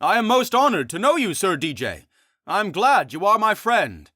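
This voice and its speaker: A man's voice: high-pitched, big pitch swings, moderate pace, bright, forceful tone, no room sound, clean studio sound, voice pushed up, exaggerated voice. A man voicing an awkward young male friar who speaks in a formal, fussy, polite way. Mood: earnest.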